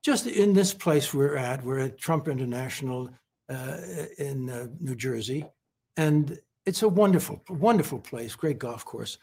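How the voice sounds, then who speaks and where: Male interview guest from California: husky, earnest, stumbles and repeats himself. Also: mid-range voice, lively intonation, a little mellow. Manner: halting, repeats words, many fillers. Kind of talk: heartfelt conversational praise.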